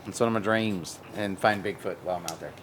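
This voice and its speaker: Rambling, joking low-voiced man. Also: fast, slight background noise. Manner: rambling, joking, laughs often. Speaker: cannabis breeder and show guest. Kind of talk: casual podcast chat.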